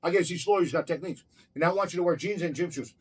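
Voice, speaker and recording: A fast-talking man tells his stories in a loose, casual chat. His voice is a little husky and sits somewhat high for a man. He is blunt, heated and swears constantly. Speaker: storyteller recounting his own run-ins.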